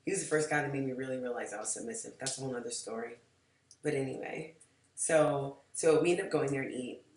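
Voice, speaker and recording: Animated, foul-mouthed woman telling a story. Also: recorded from a distance. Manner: animated and profane, swinging between loud outbursts and low, soft asides. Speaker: vlogger telling a personal story. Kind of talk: casual storytime monologue. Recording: roomy echo.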